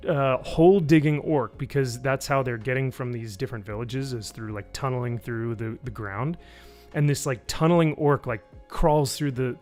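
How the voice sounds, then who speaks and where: A man giving a casual spoken review, rambling and swearing, with lots of fillers. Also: medium pitch. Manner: rambling, profane, with frequent fillers. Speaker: YouTube reviewer.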